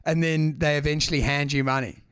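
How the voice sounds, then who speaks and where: A man's voice: on the high side, steady tone, a little fast, fairly bright tone, clean tone, dry recording. A man in casual comedic chat, swearing, laughing and acting out bits.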